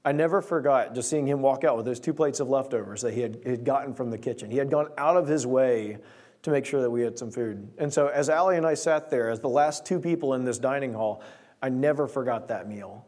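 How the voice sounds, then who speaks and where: A young man preaching, opening his sermon with a lively personal story and acting out his own lines. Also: medium pitch, brisk. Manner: storytelling, animated quoting of himself.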